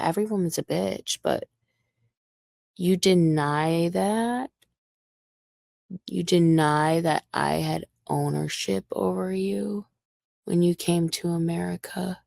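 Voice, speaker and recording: Young woman, livestream rant, profane, confrontational, low gravelly voice, dry sound. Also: takes it slowly, a little mellow, dry recording. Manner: profane, confrontational, addressing someone directly.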